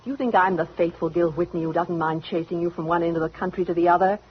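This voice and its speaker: A woman's voice: on the low side, fairly even intonation, fast, slight background noise, natural voice. An actress playing a jealous, spiteful rival woman in a 1940s radio drama, speaking in a mocking, sarcastic drawl. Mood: taunting. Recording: dull lo-fi vintage radio recording.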